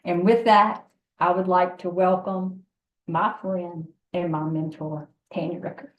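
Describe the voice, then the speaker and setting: A woman gives an emotional, emphatic introduction on a video call and repeats her words as she talks. Her voice is fairly low, and the room behind her is echoey. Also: fairly even intonation, measured pace, lo-fi sound, slight background noise. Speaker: member introducing the speaker. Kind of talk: heartfelt introduction on a group call.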